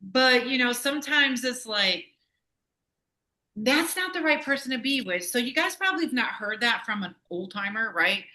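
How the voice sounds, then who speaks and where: Speaking at normal speed in a fairly high voice, this podcast guest, a former store manager and Navy veteran, is animated, emotional and in-your-face throughout the casual conversation.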